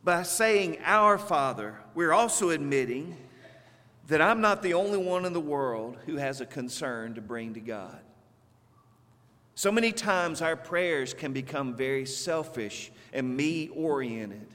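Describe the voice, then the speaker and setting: A man with a Southern US accent preaches from the pulpit in a slow, deliberate cadence, leaning on pauses for emphasis. His voice sits a little high for a man. The sound rings out with the long reverb of a church hall. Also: lively intonation, pushed and bright. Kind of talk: sermon. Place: church sanctuary.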